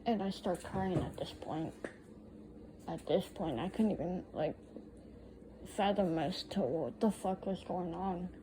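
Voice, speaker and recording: A woman's voice: fairly low pitch, measured pace, background noise. A young woman casually recounting a night from her own life, blunt and swearing freely. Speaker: storyteller. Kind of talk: casual first-person storytelling.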